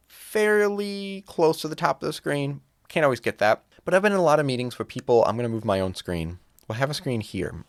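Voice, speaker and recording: Man, casual explainer, online teaching tutorial, low voice, dry sound. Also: fairly bright tone, no echo. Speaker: music teacher. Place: home studio with green wall. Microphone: studio microphone.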